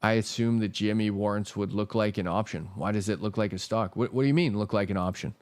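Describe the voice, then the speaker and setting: A man's voice: on the low side, quick pace, a little mellow, dry recording. A man hosting a stock market livestream, ranting in a casual, exasperated way, swearing often and repeating himself. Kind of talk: casual profane market rant.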